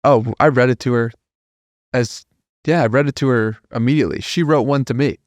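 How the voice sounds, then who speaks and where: A man guesting on a podcast, telling a personal story in an earnest, heartfelt way that grows animated. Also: mid-range voice, a little fast, no echo, clean studio sound.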